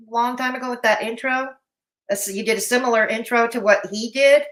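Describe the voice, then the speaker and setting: A woman's voice: fairly high pitch, fairly even intonation, a little fast, fairly bright tone. A woman hosting a live commentary stream, blunt and mocking in tone, with a Canadian accent. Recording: roomy echo.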